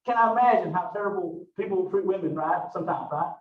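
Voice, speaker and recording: A man's voice: sits high, quick pace. A middle-aged man lecturing a college class in a rambling, folksy way full of asides. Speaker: college anatomy instructor. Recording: distant roomy lecture recording, dull lo-fi sound.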